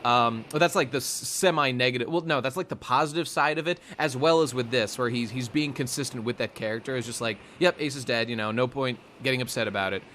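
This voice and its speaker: This fan podcast co-host, a man, talks fast with hardly any pauses, his medium-pitched voice a bit bright. He rambles through casual chat, full of fillers and restarts, and laughs a lot. A little hiss or hum sits under the recording.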